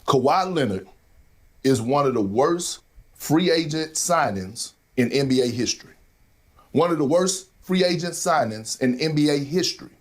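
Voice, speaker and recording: A man's voice: fairly high pitch, lively intonation, moderate pace. A man giving sports debate commentary in an emphatic way, repeating his key numbers. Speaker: sports analyst.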